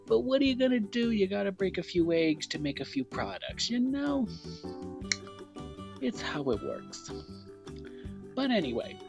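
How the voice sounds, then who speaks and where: A man's voice: big pitch swings, a little slow, gravelly, long pauses, dull audio, music in the background, full character voice. A man doing a shady, hammy infomercial salesman. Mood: salesy. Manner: hammy sales pitch with swooping pitch and gleeful menace. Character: shady male infomercial salesman pitching a deadly product. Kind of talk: comedic mock advertisement.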